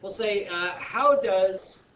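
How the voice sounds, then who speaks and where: A man teaching a science class, talking in a chatty, joking way with animated asides to his students. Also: high voice, slow pace, dull audio, slight background noise. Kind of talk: classroom lesson. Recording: echoey classroom from far off.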